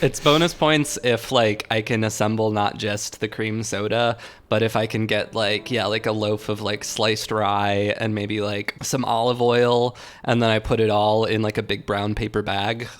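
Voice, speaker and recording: A man's voice: fairly low pitch, level tone, normal speed, few pauses, clear, resonant tone. A man hosting a casual songwriting session, chatting playfully and rambling with lots of "like" and frequent laughter. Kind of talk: casual chat.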